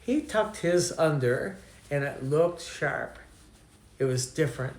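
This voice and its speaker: Slow and expressive, this older man's slightly high voice carries through a reverberant space. He's from Canada and delivers a teaching sermon in a storytelling, conversational way, asking the audience questions as he goes.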